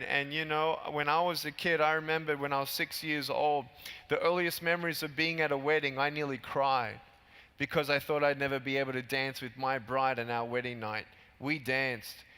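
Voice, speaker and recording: A man in his thirties giving a motivational keynote speech in a large convention hall, talking emphatically and climbing high on key points. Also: little pitch movement, normal speed, bright, forceful tone, clean tone. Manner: emphatic, punchy, rises high when stressing points. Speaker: keynote speaker. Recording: hall reverb from arena PA.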